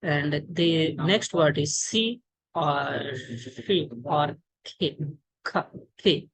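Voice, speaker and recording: A woman's voice: deep voice, a crowd in the background, poor audio. An Indian woman who teaches English, with an Indian accent, explaining pronunciation in an online lesson with many fillers and restarts. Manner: halting, many fillers and restarts, repeats words. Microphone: screen-share recording.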